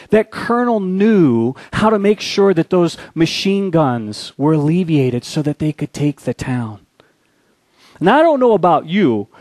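A male pastor preaching a sermon, telling a war story with dramatic shifts into a quiet, low voice. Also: no room sound.

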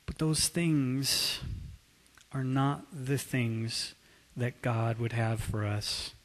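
A man preaching a sermon as a pastor, telling a story with drawn-out emphasis. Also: medium pitch. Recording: long hall reverb.

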